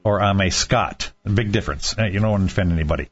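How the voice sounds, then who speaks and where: A man's voice: low voice, fast talker, breathy edge. A man hosting a casual comedic podcast, reading out news stories in a chatty way and laughing through them. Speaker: podcast host. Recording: dull lo-fi podcast recording.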